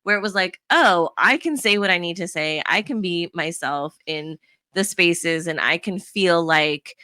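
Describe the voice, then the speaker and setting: A woman's voice: lowish voice, unhurried, pushed and bright, no echo. Woman, podcast co-host, casual storytelling, laughs often, dry close sound. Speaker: youth soccer coach. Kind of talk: casual chat.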